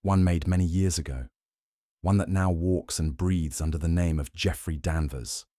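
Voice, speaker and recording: A man voicing a shrewd, fastidious Belgian detective who talks in a courteous, probing way and slips in French phrases. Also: low-pitched, steady tone, warm tone, no echo, clean studio sound, natural voice.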